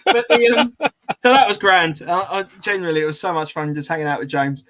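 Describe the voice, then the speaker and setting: Bright-voiced podcast host. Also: male voice, fairly high pitch, quick pace, slight background noise. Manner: chatty storyteller, many ums, laughing asides. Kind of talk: casual chat, anecdote.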